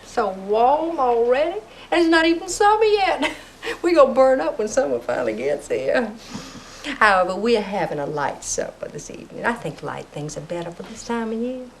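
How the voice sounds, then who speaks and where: A woman's voice: fairly high pitch, expressive, moderate pace, gravelly, a little hiss or hum, rough recording. A gushing Southern mother. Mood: chatty. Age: middle-aged.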